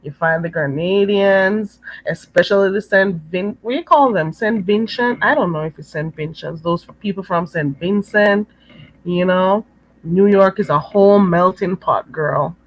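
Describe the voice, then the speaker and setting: A Jamaican woman hosts a live stream, chatting casually with her viewers as she reads their comments, laughing often and calling them "girl." Her voice sits fairly low, and the low-quality recording carries a little hiss or hum.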